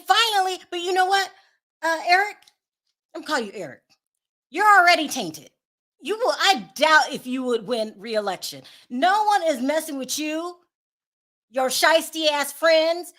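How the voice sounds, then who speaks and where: Female channel host with a high voice, delivering sharp, disbelieving gossip commentary. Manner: sassy, exasperated, breaks into laughter.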